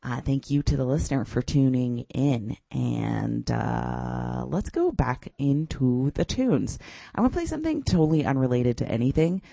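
A woman DJ talks casually between records, bubbling with enthusiasm and breaking into giggles. Her voice carries a gravelly edge of fry. The studio sound is close and dry. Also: extremely low pitch, very animated, normal speed, mellow, no room sound. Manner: enthusiastic, giggly, with many "uh" fillers. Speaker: radio DJ. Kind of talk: casual radio back-announcing.

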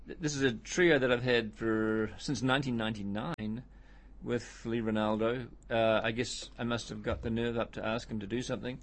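A man's voice: medium pitch, steady tone, normal speed, few pauses, slight background noise. Rambling middle-aged man telling stories. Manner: rambling storyteller, self-deprecating, many fillers. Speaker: musician guest. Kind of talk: casual interview chat.

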